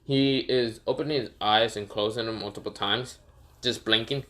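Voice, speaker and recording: Bright-voiced young man rambling a fan story. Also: on the low side, steady tone, moderate pace. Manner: rambling, swearing, frequent restarts. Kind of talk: casual fan-story narration.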